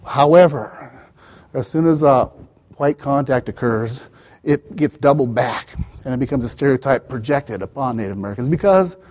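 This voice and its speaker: A man's voice: mid-range voice, animated, moderate pace, a little mellow. A man giving an academic lecture as the author, digressive, with wry asides and many "you know" fillers.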